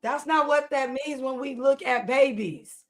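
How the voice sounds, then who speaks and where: A woman's voice: sits high, a little slow, soft background music. A woman, the host's partner, talking bluntly and indignantly in casual chat.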